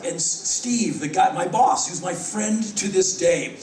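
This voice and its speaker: A wry, animated American man in his fifties spins a live stage story, his voice sitting high for a man. He is caught from far off in a big, echoey hall with a faint room hum behind him. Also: a little slow. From United States. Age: 50s. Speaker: spoken word performer. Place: large concert hall.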